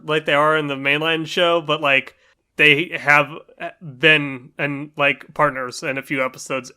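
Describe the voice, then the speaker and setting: Man, podcast co-host, laid-back, rambling, smooth clear voice. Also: on the high side, pushed and bright. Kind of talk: casual podcast chat.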